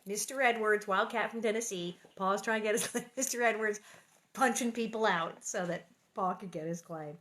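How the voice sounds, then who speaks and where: A woman's voice: medium pitch, moderate pace, a bit bright. A woman reading a children's book aloud, breaking off for chatty, gushing asides about the old expressions. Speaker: reader.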